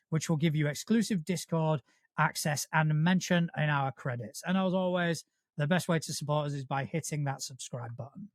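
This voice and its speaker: A man's voice: on the high side, dry recording, studio quality. A middle-aged man co-hosting a tabletop gaming podcast, reading show plugs and trading wry banter. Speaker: podcast co-host. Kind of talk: casual chat and show plugs.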